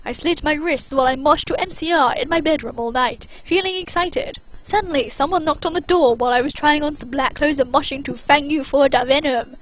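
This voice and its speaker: A woman giving a deadpan, mock-serious dramatic reading of fan fiction. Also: sits high, fairly quick, few pauses, muffled recording. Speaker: reader.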